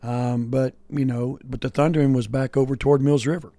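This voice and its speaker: A man's voice: medium pitch, steady tone, fairly quick, mellow, no echo. A man co-hosting a morning radio show, chatting in an easygoing, folksy way with many fillers. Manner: easygoing, folksy, lots of "you know" and "yeah". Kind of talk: casual on-air chat.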